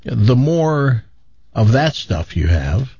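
A man's voice: mid-range voice, big pitch swings, slow, mellow, husky, dry recording, dull audio. A man animatedly retelling a frustrating story, exasperated, acting out the people he quotes. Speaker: caller telling a story. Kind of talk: casual storytelling on a talk show.

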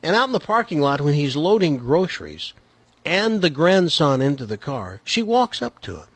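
A man's voice: a little high, very animated, breathy edge, no room sound. A man hosting a radio show, chatting with his co-host and telling a long joke like a practiced storyteller. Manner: chatty storyteller, quick questions. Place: radio studio.

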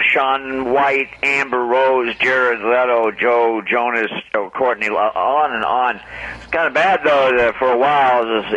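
A man hosting a radio show, reading entertainment news with jokey, animated asides in casual banter. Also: mid-range voice, dull audio.

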